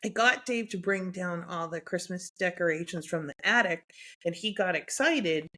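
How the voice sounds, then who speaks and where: A middle-aged woman with a somewhat low voice, chatting as a podcast co-host. She rambles, fills pauses with "um," and laughs easily. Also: sharp tone. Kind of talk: casual chat.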